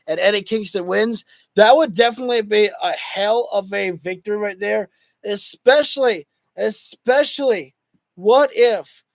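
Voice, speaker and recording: A man hosting a wrestling livestream who talks casually to his chat, rambling and excitable with lots of fillers, and is losing his voice. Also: high voice, creaky, no echo. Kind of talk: casual live commentary to chat.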